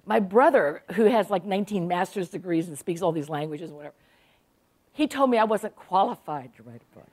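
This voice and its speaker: Brisk and lively in intonation, her voice runs on the low side with a darkish tone. She's a South Carolina author in her 60s giving a humorous storytelling talk at a public library, chatty and poking fun at herself.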